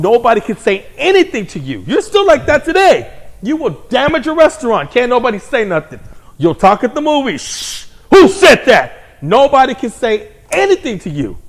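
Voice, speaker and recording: A man hosting his own commentary show, ranting in a blunt, heated, crude monologue. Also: sits high. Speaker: commentary host.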